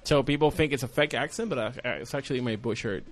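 A man with a Puerto Rican accent, Spanish being his first language, spins a rambling story in a relaxed chat. He swears freely and bursts into loud acted-out quotes. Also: mid-range voice, quick pace, soft background music. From Puerto Rico. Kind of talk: casual chat.

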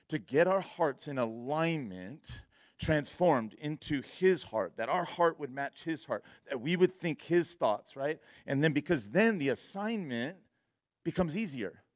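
A man's voice: on the high side, lively intonation, a little slow, dry recording, studio quality. A young man telling a personal story in a sermon, casual and slangy, laughing often and acting out his own lines. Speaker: preacher.

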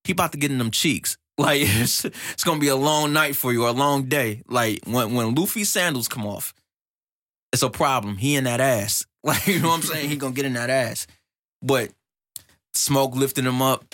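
Hype podcast dude, slangy, laughs a lot, voice shoots up when excited, dry close mic. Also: male voice, normal speed, no room sound. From United States. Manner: animated, slangy, laughs often, big pitch jumps when hyped. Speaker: podcast host. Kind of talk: excited casual podcast monologue. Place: small studio.

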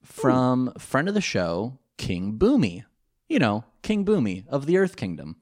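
A man's voice: medium pitch, wildly swooping pitch, measured pace, darkish tone. A man co-hosting a casual podcast, rambling with lots of fillers and restarts. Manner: rambling, many fillers and restarts, laughs easily. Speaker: podcast co-host. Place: home.

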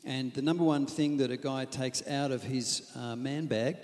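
A man's voice: medium pitch, moderate pace. Man preaching in an echoing hall. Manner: animated, humorous preaching with quoted asides. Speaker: pastor. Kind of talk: sermon on marriage.

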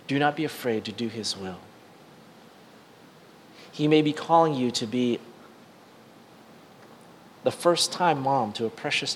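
A middle-aged male pastor preaching a sermon, telling a personal story with frequent restarts and fillers, swinging between excited bursts and hushed, quiet moments. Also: mid-range voice, measured pace, long pauses, slight background noise.

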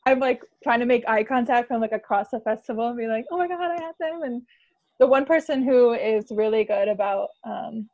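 A woman middle school teacher chatting excitedly, with many fillers and "like"s. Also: fairly high pitch, normal speed, dry recording, highs cut off. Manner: excitable, lots of "like". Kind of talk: casual chat.

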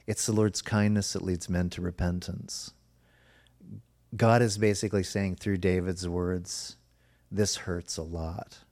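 A man preaching a sermon as pastor, earnest and emphatic, now and then slowing to a soft, drawn-out stress. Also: deep voice, flat delivery.

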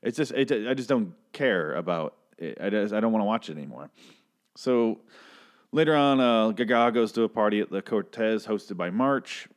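A man with a notably deep voice talks through a TV episode recap. He is blunt and profane, circling back and restarting his sentences as he goes. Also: animated, moderate pace. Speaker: TV episode reviewer. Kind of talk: casual recap and review.

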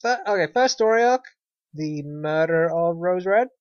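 A man with a high, animated voice co-hosts a podcast at normal speed, free of echo. The chat is casual, wry, and sarcastic, with frequent trailing off and restarts, captured on dull, dry lo-fi podcast audio.

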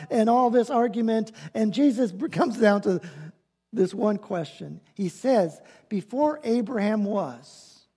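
Husky-voiced male pastor in a reverberant hall. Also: high-pitched, a little mellow. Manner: emphatic, slows down to stress key words. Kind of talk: sermon. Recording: long reverb of a large hall.

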